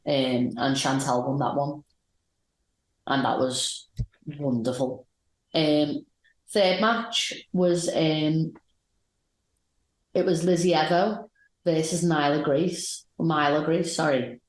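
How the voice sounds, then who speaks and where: Woman, low voice, enthusiastic rambling podcast chat, echoey room. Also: steady tone, slow, long pauses. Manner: rambling, enthusiastic match recaps. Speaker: podcast co-host. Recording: roomy echoey sound.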